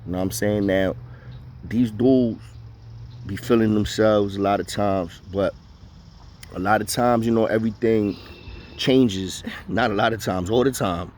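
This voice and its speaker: A man's voice: fairly low pitch, measured pace, pauses often, a little mellow, a little hiss or hum. A man casually telling profane stories, full of street slang and repeated "know what I mean" fillers. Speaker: storyteller. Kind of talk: casual storytelling.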